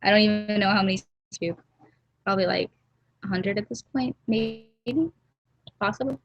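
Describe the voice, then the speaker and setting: A woman's voice: medium pitch, moderate pace, vocal fry, dry recording, lo-fi sound. Rambling young woman chatting while drawing. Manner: rambling, giggly, trails off into mumbles. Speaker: livestream host. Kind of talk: casual chat while drawing. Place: warm room at home.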